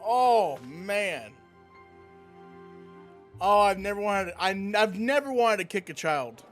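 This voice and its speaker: Profane, excitable male streamer. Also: sits high, takes it slowly. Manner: loud, profane, outraged outbursts. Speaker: streamer reacting to a game. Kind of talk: blind reaction commentary. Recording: game music behind.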